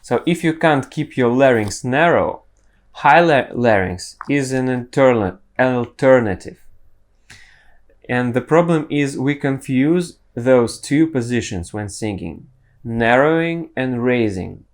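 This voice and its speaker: A man's voice: mid-range voice, animated, slow pace. A man teaching singing, explaining step by step with the odd self-correction. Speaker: vocal coach.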